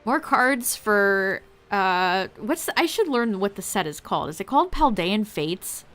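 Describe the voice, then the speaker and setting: A young woman streamer drawls through a relaxed live gaming chat, talking to her viewers in a slow, easygoing way. Her voice sounds a bit worn and hoarse. Her pitch sits in a plain middle range. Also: faint music behind. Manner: laid-back, chatty, talks to chat. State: voice going hoarse.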